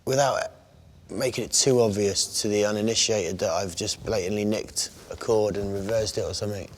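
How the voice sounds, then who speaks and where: A man, a guest songwriter talking in a casual interview, meandering and halting as he thinks aloud. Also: fairly low pitch, steady tone.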